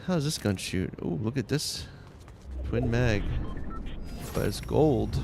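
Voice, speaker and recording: Long Island man, gravelly, noisy game audio behind; laid-back streamer muttering through a match. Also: mid-range voice, unhurried. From Long Island, New York. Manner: relaxed, mumbling half to himself while looting. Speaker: gaming streamer. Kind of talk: casual gameplay commentary.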